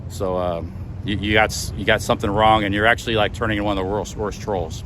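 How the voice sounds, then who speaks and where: A man's voice: lowish voice, steady tone, quick pace, noisy background. A man livestreaming outdoors on city streets, agitated and defensive, with stammering restarts. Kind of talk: live walk-and-talk stream.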